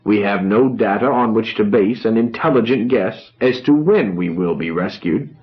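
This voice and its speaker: A man reading a novel aloud, voicing a grandiose young orator who speaks solemnly with dramatic pauses. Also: fairly low pitch, muffled recording, lightly acted.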